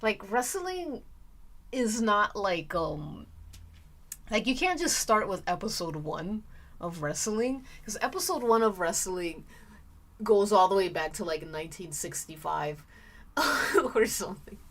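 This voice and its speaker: A young woman streaming live, chatting casually and rambling with lots of fillers, now and then bursting into excited squeals. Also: mid-range voice, unhurried.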